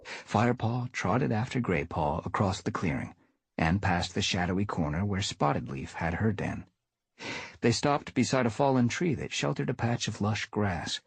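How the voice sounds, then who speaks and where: A man doing a live storybook reading, lively and switching voices between characters. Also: fairly low pitch, normal speed, vocal fry, slightly rough, no room sound. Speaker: reader.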